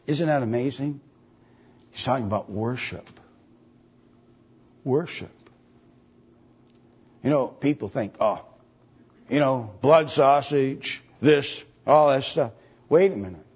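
Slow emphatic male preacher, husky. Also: medium pitch, a little mellow. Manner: slow, rising to emphatic repeated questions; reads archaic scripture aloud. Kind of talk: sermon with scripture reading. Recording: dull lo-fi recording.

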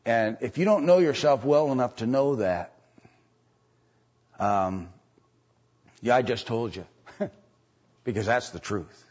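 A man's voice: mid-range voice, takes it slowly, long pauses, a little mellow. A man preaching as a pastor, repeating lines and asking the congregation rhetorical questions, on a dull lo-fi recording. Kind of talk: sermon.

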